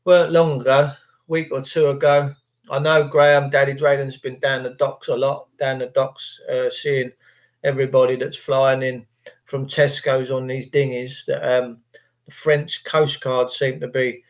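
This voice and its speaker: A man's voice: medium pitch, little pitch movement, a little slow. An English man hosting a livestream, reading out chat comments in a crude, jokey, rambling way. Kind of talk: rambling casual monologue.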